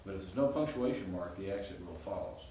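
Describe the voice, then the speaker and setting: Guy teaching a class, kinda low voice, super echoey room, mic far off. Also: expressive, quick pace, dark tone. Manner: explanatory, informal, asks students questions. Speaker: Greek professor. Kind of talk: classroom lecture. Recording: echoey classroom recorded from afar with faint hiss.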